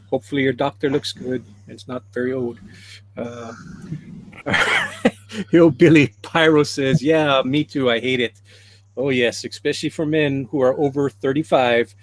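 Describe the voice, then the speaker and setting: A man's voice: mid-range voice, no echo. A man hosting a casual livestream, reading viewer comments aloud and chuckling often. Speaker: livestream host reading chat.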